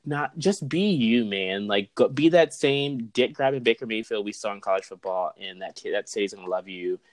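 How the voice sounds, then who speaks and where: A man's voice: on the low side, normal speed, dry recording. A man co-hosting a casual sports chat, rambling with lots of "like" and cursing freely. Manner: rambling, profane, filler-heavy. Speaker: podcast co-host.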